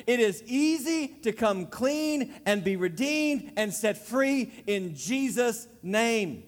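A man preaching a sermon as pastor, emphatic, repeating key phrases and slowing down to drive points home. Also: very high-pitched, lively intonation. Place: church sanctuary. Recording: long reverb of a large hall.

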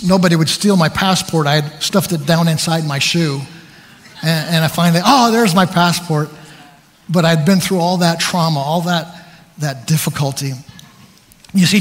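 A man preaching a sermon, telling stories about himself with animated, self-deprecating humor. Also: on the high side, in a large hall.

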